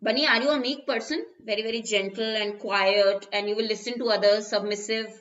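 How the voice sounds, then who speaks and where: A woman's voice: mid-range voice, fairly even intonation, a little fast, a bit bright, muffled recording. A young Indian woman teaching English vocabulary in a live online class, explaining word meanings step by step and slipping into Hindi. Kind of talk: live online exam-prep lesson. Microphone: phone.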